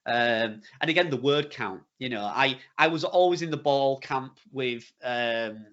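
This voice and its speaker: Bright-voiced man, rambling chat. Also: medium pitch, unhurried, lo-fi sound. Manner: rambling, repeats words while gathering thoughts. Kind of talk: casual conversation.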